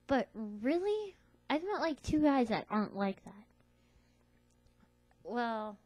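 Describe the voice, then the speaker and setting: A young woman ranting casually to camera, sassy and animated, acting out the voices of people she quotes. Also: medium pitch, poor audio. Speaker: vlogger.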